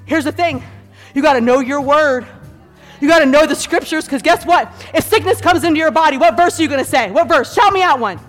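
A woman preacher giving an energetic sermon and calling on the congregation to repeat phrases, laughing often between points. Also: high-pitched, fairly quick. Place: church hall with a congregation. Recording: hall reverb, faint background music.

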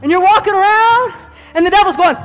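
High-voiced woman preaching in a hall. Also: brisk. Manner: energetic, calls on the congregation to repeat phrases; laughs often between points. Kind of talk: sermon. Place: church hall with a congregation. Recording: hall reverb, faint background music.

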